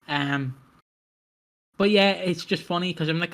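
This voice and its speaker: A young man co-hosting a podcast in casual chat, swearing freely and making dark jokes. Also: on the high side, a little slow. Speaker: podcast co-host.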